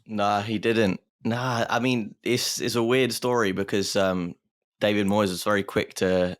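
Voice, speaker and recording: A man with a fairly low voice co-hosts a casual football chat. He sounds relaxed and chuckles as he goes. The recording is dry and close. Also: measured pace, dry recording. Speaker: podcast co-host.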